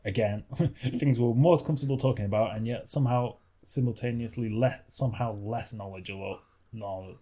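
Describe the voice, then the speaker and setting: A chatty man hosts a podcast, laughing often as he rambles through stories. His voice is husky and mid-pitched. He talks loosely, with lots of asides and restarts. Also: moderate pace, warm tone. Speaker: podcast host. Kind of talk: casual chat.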